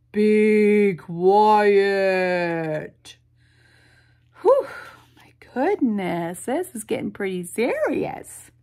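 A woman reading a picture book aloud to children, animated, with sound effects and soft whispered asides. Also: a little high. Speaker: storyteller.

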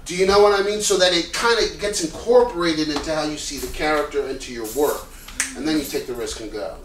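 A man coaching actors in a casual, animated way, talking loudly, swearing and asking lots of rhetorical questions, in an echoey room. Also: fairly high pitch, quick pace, slight background noise. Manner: loud, animated, profane, full of rhetorical questions. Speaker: acting teacher. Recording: echoey room, distant mic.

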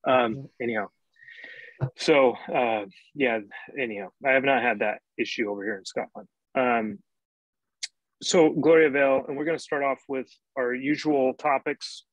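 A man from Spokane hosts a casual talk with a mid-pitched voice. He rambles and repeats his words as he finds his way. The sound is dry and close. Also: steady tone, moderate pace, dry recording, lo-fi sound. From Spokane, Washington, USA. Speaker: host. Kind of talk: casual discussion. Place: Scotland.

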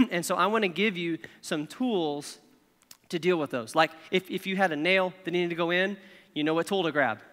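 A man's voice: a little high, bright, forceful tone, long reverb tail. A male pastor preaching a sermon in a conversational way, checking in with "okay?" and "right?" as he goes.

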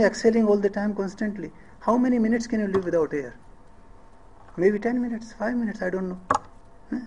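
A man's voice: sits high, darkish tone, slight background noise, low-quality recording. A middle-aged man with an Indian English accent giving a public lecture, often asking the audience questions and checking in with "eh?". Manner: rhetorical questions, asks audience "eh?".

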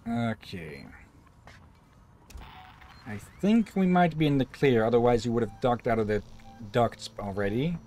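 A man's voice: mid-range voice, lively intonation, measured pace, long pauses, a little mellow, soft background music. A man streaming a co-op game, chatting casually and swearing at what happens on screen. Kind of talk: casual gaming stream chat.

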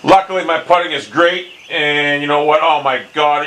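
A young man commentating his own golf video game, hot-tempered and swearing constantly, often bursting into angry shouts. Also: on the high side, fairly even intonation, normal speed, few pauses, background noise. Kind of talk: live gameplay commentary.

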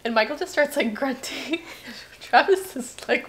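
Bright, upbeat woman podcast co-host. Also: high-pitched. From Florida. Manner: quick, laughing anecdotes with voiced quotes. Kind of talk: casual chat.

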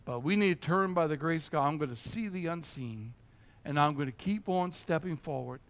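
A man's voice: on the high side, expressive, fairly quick. A man preaching a sermon in a church as pastor, emphatic and often checking in with his listeners.

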